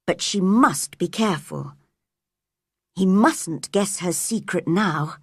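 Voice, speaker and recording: Slow, breathy woman narrating an audiobook. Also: lowish voice, no echo, studio quality. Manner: clear, measured, expressive character voices. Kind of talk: graded-reader audiobook narration for English learners.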